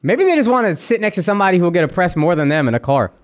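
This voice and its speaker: A man's voice: high-pitched, sing-song, rapid-fire. A man co-hosting a comedy podcast, chatting casually and telling stories with acted-out quotes. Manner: storytelling, acts out quotes. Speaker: podcast co-host.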